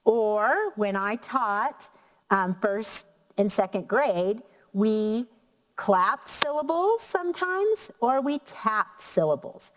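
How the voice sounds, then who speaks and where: A woman teacher giving a slow, clear lesson to young children, counting out syllables. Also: a little high, lively intonation, big-room sound, background noise. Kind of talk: elementary classroom lesson.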